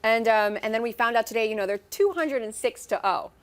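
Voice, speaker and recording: A woman's voice: on the high side, a loud crowd. A woman guest-hosting a casual TV fan panel, speculating as she talks. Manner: quick, speculative, laughs. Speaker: guest host.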